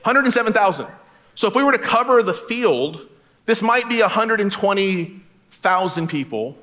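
A man preaching a sermon in a lively, joking way, acting out the characters in casual everyday speech. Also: high-pitched, moderate pace. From Florida. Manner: animated, joking, acts out Bible characters in casual voices. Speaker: pastor.

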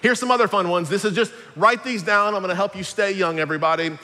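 High bright pastor in his 40s, joking around in a sermon, big hall echo. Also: fast talker. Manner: upbeat, jokey and conversational.

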